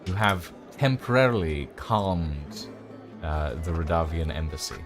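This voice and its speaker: A man running a tabletop game as game master, narrating scenes with many fillers and pauses. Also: low-pitched, over music.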